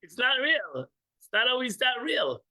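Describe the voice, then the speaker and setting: A man's voice: extremely high pitch, sing-song, a little slow, bright, forceful tone, rough recording. A man teaching an informal religious class, joking with listeners and acting out little scenes. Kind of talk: informal class with audience banter.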